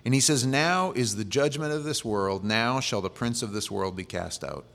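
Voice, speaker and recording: A man's voice: mid-range voice, animated, moderate pace, creaky, a bit bright. A male pastor preaching a sermon in a conversational way, with humorous asides.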